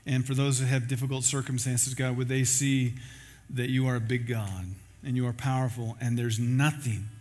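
A man preaching as a pastor, telling a story with lively acted-out quotes before closing in prayer. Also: medium pitch, moderate pace. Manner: storytelling, acting out quoted voices; ends in a spoken prayer. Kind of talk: sermon.

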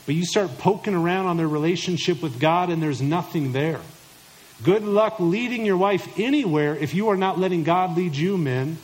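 A middle-aged male pastor preaching with a high, bright voice. He speaks emphatically and directly to the men in front of him and slips into mock voices to quote imagined listeners. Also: moderate pace, rough recording. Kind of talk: sermon to husbands.

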